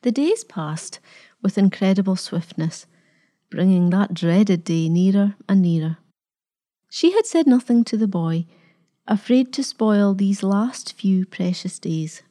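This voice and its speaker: A woman reading a story aloud in a calm, measured narration. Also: medium pitch. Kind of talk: scripted narration.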